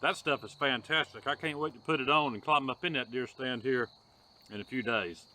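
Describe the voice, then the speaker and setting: A man's voice: mid-range voice, moderate pace, pushed and bright, a little hiss or hum. A man hosting a casual outdoor cooking vlog, talking in a folksy, drawling way and saying y'all a lot. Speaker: homestead vlogger. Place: outdoors on a rural homestead.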